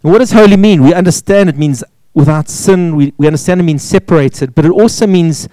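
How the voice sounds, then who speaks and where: A man preaches a sermon in a mellow, fairly high voice. He presses each point with repeated words and rhetorical questions. The sound is dry and close, with little room in it. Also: brisk, no echo, poor audio. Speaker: pastor.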